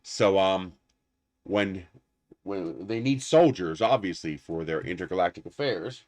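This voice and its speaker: A man hosting a casual livestream, rambling and animated, laughing at his own jokes. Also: low voice, measured pace, no echo. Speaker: livestream host.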